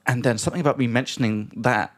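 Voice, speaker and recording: A man's voice: mid-range voice, fairly even intonation, fast. A man hosting a podcast in casual chat, talking in an upbeat, self-mocking way and laughing often. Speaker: podcast host.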